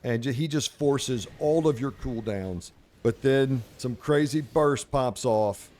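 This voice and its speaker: A man hosts a casual game commentary video, brash and profane, now and then slipping into mock-preachy pronouncements. His voice is medium in pitch and a little mellow.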